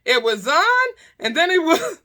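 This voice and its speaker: Storyteller woman with a bright, sharp voice, blunt and laughing, casual vlog. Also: very high voice, measured pace. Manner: animated, laughs often, blunt and profane. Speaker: storytime vlogger. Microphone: talking to her own camera.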